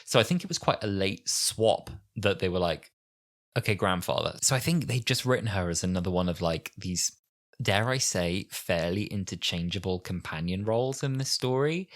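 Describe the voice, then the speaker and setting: A man in his twenties co-hosting a podcast, telling scenes in an animated way and acting out the characters. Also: on the low side. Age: 20s. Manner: animated storytelling, acts out scenes with big voices. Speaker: podcast co-host. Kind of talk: casual chat.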